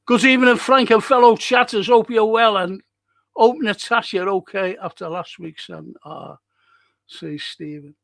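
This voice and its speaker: A man's voice: sits high, unhurried, vocal fry, a bit bright. Chatty man hosting a stream. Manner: rambling, chatty storytelling with restarts. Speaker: live stream host reading chat. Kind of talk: casual chat.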